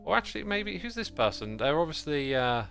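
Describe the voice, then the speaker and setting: A man's voice: a little high, very animated, fairly quick, gravelly, fairly bright tone, faint music behind. A man with a British accent chatting casually and playfully on a game livestream, joking along with the chat he reads out. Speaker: game streamer.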